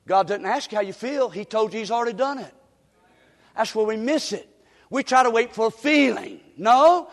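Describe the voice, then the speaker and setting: A man preaching a sermon, drawing the congregation into call-and-response and rising to shouts. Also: sits high, brisk, creaky. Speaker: pastor. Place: church sanctuary. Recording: church hall reverb.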